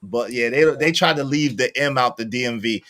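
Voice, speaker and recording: A man hosting a casual online chat, talking in animated, slangy, teasing bursts. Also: mid-range voice, fairly quick. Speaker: host.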